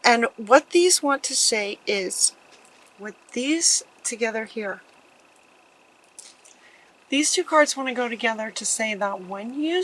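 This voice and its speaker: Slow, bright-voiced woman reading tarot. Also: fairly high pitch, slight background noise, low-quality recording. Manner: earnest, tender, halting with restarts. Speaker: tarot card reader. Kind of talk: pick-a-card tarot reading.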